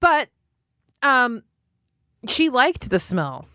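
A woman's voice: sits high, sing-song, very slow, bright, forceful tone, no echo, studio quality. A woman co-hosting a comedy podcast, telling rambling, profane stories in casual chat. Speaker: podcast co-host.

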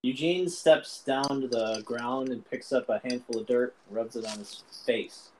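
A man's voice: mid-range voice, a little slow, a little mellow, slight background noise, low-quality recording. A man playing a tabletop game, laying out plans and describing his character's actions. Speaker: player. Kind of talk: casual tabletop role-play.

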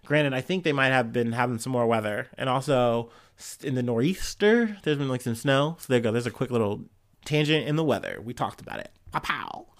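A man's voice: medium pitch, sing-song, fairly quick. A man hosting a podcast, giving casual solo news commentary in a rambling, sarcastic way, with lots of fillers and swearing. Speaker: podcast host.

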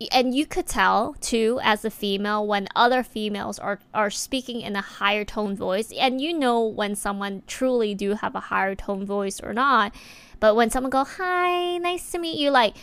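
A woman's voice: medium pitch, vocal fry, fairly bright tone, smooth, no echo. A woman speaking in a casual talking-to-camera monologue, reflective and chatty with many filler words.

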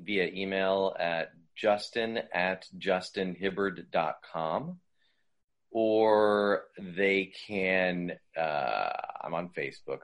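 A man with a low voice and a fairly bright tone speaks as a guest voice coach. His conversational advice comes out loose and rambling, dotted with fillers and restarts.

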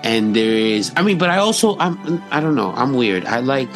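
A man's voice: mid-range voice, very animated, moderate pace, soft background music. A man co-hosting a podcast in casual chat, rambling and joking, often trailing off mid-sentence. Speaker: podcast co-host.

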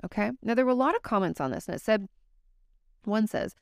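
A woman's voice: mid-range voice, lively intonation, a little fast, no echo, clean studio sound. A woman therapist talking casually and candidly to her viewers, giving advice and now and then swearing. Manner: candid, conversational, occasionally swears.

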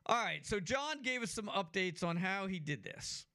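A man co-hosting a sports talk show, his voice pitched high and full of gravelly fry. He keeps the banter playful and teasing, and he reads listener messages aloud. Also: animated, normal speed, hardly any pauses, sharp tone. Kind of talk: casual chat.

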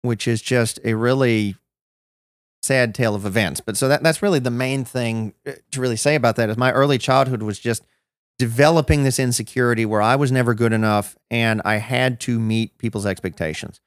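Man, podcast guest, reflective, self-deprecating, middle pitch, dry close mic. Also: steady tone, a little fast, no room sound. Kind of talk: personal storytelling in a podcast interview.

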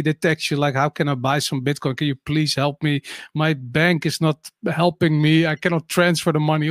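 A man's voice: high-pitched, a bit bright, no echo, clean studio sound. A man from the Netherlands, a podcaster speaking as a guest, amused and laughing between phrases. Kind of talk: casual panel chat.

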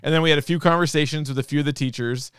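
A man in his thirties co-hosting a podcast, telling an animated, profane story in casual chat. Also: on the high side, rapid-fire, clean tone, no echo, studio quality. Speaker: podcast co-host.

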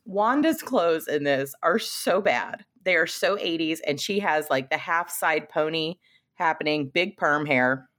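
A woman co-hosting a casual podcast chat, animated, laughing often and swearing casually. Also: low voice, unhurried. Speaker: podcast co-host.

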